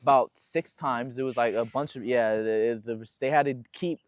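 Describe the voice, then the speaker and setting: Young male guest, casual slangy storyteller, mid-pitched, very dry close sound. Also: moderate pace, no room sound. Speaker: guest musician. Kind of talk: casual interview conversation.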